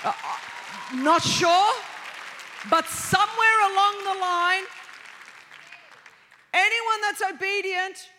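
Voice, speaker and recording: High, forceful woman preacher in a hall. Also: steady tone, takes it slowly, pauses often, slight background noise. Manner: emphatic, shouting key lines, acting out quoted voices. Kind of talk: passionate sermon. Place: large church hall. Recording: reverberant hall, faint crowd.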